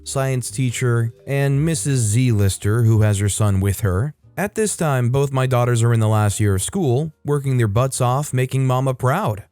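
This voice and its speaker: A man narrating online stories aloud, reading them in an expressive way and shifting his tone for quoted dialogue. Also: mid-range voice, smooth. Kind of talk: scripted story narration.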